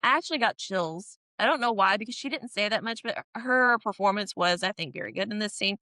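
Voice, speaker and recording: A woman's voice: medium pitch, lively intonation, brisk, sharp tone, no echo. A woman co-hosting a podcast, recapping a TV show in casual chat, laughing often and acting out characters' lines. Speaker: podcast co-host.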